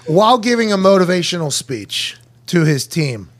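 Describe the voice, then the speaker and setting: A young man hosting a podcast, telling stories in animated casual chat, laughing and acting out voices. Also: high-pitched, moderate pace. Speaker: podcast host.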